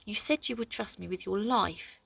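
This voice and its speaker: A woman's voice: mid-range voice, moderate pace, creaky, fairly bright tone, husky, no echo, exaggerated voice. A woman voicing a determined young heroine in a storybook, urgent and pleading.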